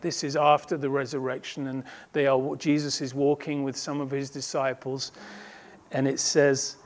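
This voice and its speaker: A man's voice: mid-range voice, level tone, moderate pace. A man preaching a sermon as a pastor, earnest and emphatic, building intensity through repeated phrases.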